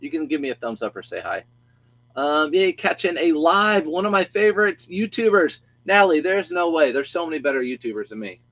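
A middle-aged man chatting on a live stream in a slightly high voice, goofy and talkative. He greets viewers by name and keeps restarting his sentences. The sound is dry and close, with no room around it. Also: very animated, brisk, a bit bright, no echo, rough recording.

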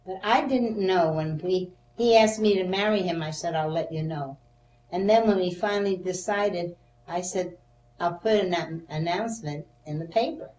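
Older woman telling lively stories. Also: on the low side, normal speed. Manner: animated storyteller who acts out quoted voices and laughs often. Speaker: oral history interviewee. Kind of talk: storytelling in an oral history interview. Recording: echoey room, voice a bit off-mic, faint hum.

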